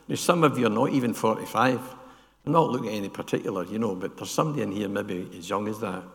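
In a large hall, an older man delivers a church sermon in a medium-pitched, somewhat bright voice. He often puts questions to the congregation and ends lines with "yeah?"

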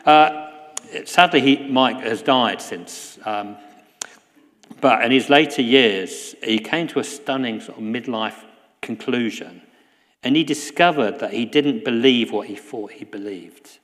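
A man preaching a sermon in a church, earnest, often dropping to a soft hush. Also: medium pitch, measured pace, long reverb tail. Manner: earnest, drops to a soft hush at key lines. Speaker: guest preacher.

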